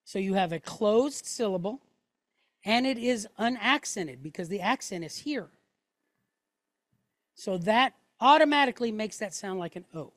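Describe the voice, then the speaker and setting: A woman's voice: mid-range voice, animated, measured pace, long pauses, no echo. A woman teaching a class, explaining step by step with patience and often checking in with "right?" and "okay?". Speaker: Hebrew teacher.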